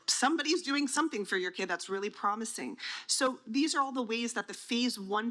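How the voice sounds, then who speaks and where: A woman's voice: medium pitch, bright, forceful tone. A woman on a conference panel, explaining drug trials to families in a plain, teacherly way, asking and answering her own questions.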